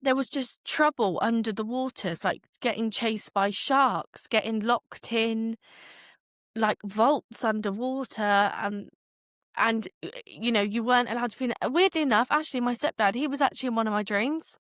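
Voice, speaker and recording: A woman co-hosting a podcast in casual chat, chatty and quick to laugh. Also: on the high side, a bit bright, no room sound, studio quality. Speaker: podcast co-host.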